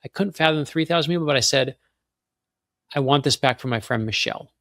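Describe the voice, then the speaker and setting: A man, a guest on a show, telling a long personal story in a fast, animated way and acting out the other people in it. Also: medium pitch, dry recording, studio quality. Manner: excited, fast anecdote with quoted voices. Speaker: guest author.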